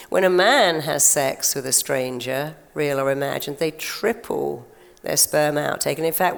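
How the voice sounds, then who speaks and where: An older woman with a low voice and vocal fry gives a chatty stage talk to a live audience in a large conference hall. She tells stories and acts out quotes, and the recording carries long hall reverb.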